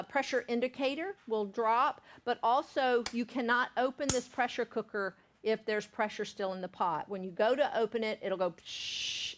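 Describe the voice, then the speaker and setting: A middle-aged woman from Georgia with a Southern accent, chatting folksily while demonstrating recipes in a cooking class. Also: fairly high pitch. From Savannah, Georgia, USA. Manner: chatty, folksy, checks in with "okay?".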